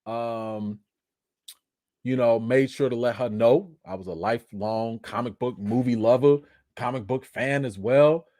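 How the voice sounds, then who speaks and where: Brief: male live-stream host, mid-pitched, emphatic and chatty, dry recording. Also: no room sound. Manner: animated, emphatic, talks straight to viewers. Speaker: livestream host. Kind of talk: casual live-stream talk.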